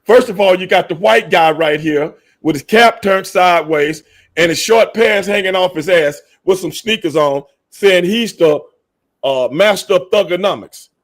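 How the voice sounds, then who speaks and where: Podcast co-host, male, pitched a bit high, forceful, repeats himself, swears freely. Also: moderate pace. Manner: emphatic, profane, repeats points. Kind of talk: casual podcast debate.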